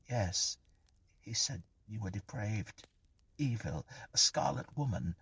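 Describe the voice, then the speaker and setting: An earnest, smitten young man, as a man voices him, pitched higher than the narration and quick to protest. His breathy, husky tone swings widely as he pleads and insists in a dry, close storybook reading. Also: lively intonation, fairly bright tone, full character voice. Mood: earnest, defensive. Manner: earnest, defensive, eager to please. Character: nervous, infatuated young man.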